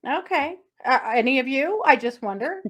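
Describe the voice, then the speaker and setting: Higher-voiced playful woman telling odd news. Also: animated, moderate pace, a bit bright. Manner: playful storyteller, lots of uh and mm-hmm, giggles through odd news. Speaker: podcast co-host. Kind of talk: casual true crime chat.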